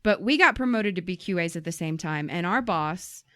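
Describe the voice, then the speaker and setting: A woman's voice: fairly low pitch, normal speed, dry recording, clean studio sound. A woman hosting a podcast in casual chat, telling stories with lots of swearing and acting out the people she quotes. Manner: animated storyteller, swears freely, acts out quoted people. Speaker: podcast host.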